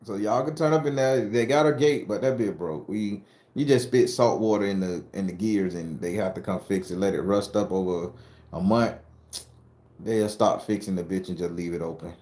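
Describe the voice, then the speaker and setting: A man's voice: on the low side, moderate pace, warm tone, reverberant. A middle-aged man from southern Florida chats casually with his live-stream viewers. He tells stories in a loose, joking way and swears freely as he answers their questions. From southern Florida, USA. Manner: loose, profane, joking storyteller talking to chat. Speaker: host of a spooky-story channel.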